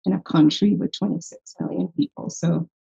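Woman with a softened Irish accent. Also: fairly low pitch, moderate pace, gravelly, dull audio. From Ireland. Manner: animated storytelling, acts out quoted dialogue. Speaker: guest, health tech founder. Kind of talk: casual interview chat.

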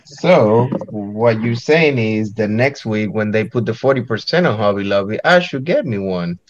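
A man's voice: lowish voice, lively intonation, normal speed, no room sound. Teasing man on a dry lo-fi line. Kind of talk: casual chat. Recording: dull, dry lo-fi sound.

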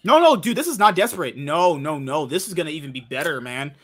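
A man's voice: fairly high pitch, animated, fast, a bit bright. A man hosting a casual podcast chat, joking and swearing as he talks. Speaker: podcast host.

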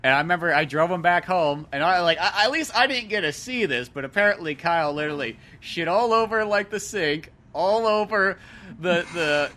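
A man's voice: high-pitched, animated, moderate pace, bright, forceful tone. A young man co-hosting a podcast, rambling in a casual, laughing way. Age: young adult. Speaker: podcast co-host. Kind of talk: casual chat.

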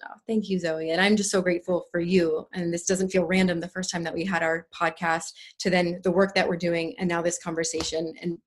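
A woman's voice: fairly low pitch, flat delivery, fairly quick, few pauses. A woman guest on a podcast, talking in a casual, effusive and earnest way, rambling with restarts. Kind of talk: casual conversational interview.

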